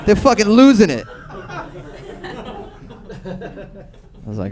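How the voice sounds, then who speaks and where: Doing a stand-up set, a Boston man in his thirties spins a loose, profane story punctuated by sudden loud bursts. His voice is mid-range, his pace moderate, and a faint crowd can be heard.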